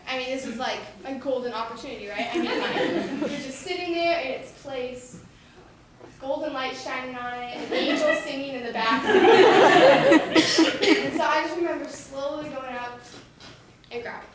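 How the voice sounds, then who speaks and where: A young woman doing stand-up comedy, telling a story in an animated way and jumping into shrill voices for the people in it. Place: theater stage with a laughing audience. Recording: echoey theater from far off, hissy.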